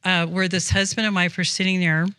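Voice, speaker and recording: A woman's voice: fairly low pitch, flat delivery, fairly quick, a bit bright, clear, resonant tone, no room sound. Earnest rambling woman guest. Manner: earnest, rambling, many fillers. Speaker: podcast guest. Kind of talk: casual faith conversation.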